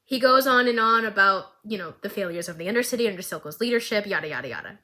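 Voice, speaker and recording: Woman vlogger, bright and forceful, dramatic casual recap. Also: medium pitch, quick pace. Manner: animated, dramatic storytelling.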